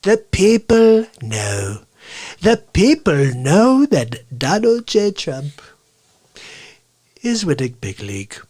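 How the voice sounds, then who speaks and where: A man's voice: fairly high pitch, wildly swooping pitch, slow, pauses often, a little mellow, full character voice. A man doing a comedic impression of a boastful older male politician, gloating in clipped, bragging phrases on a live stream. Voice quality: clipped, bragging catchphrase delivery.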